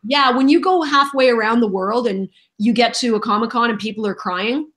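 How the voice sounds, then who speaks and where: A middle-aged woman, a voice actress, telling stories in a lively, self-deprecating way during a casual interview. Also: a little high, fairly quick. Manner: animated, self-deprecating storyteller. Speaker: voice actress guest.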